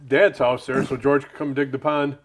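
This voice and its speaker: A man's voice: medium pitch, flat delivery, normal speed. Guy reminiscing in casual chat, regular mid voice, laughs along. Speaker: grandson.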